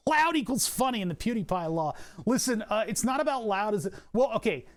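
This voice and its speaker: A high-pitched, expressive male voice at a moderate pace belongs to a young man streaming from home. He tinkers while chatting casually, rambling and self-correcting and laughing at his asides, picked up by a condenser mic through a compressor in an acoustically padded room.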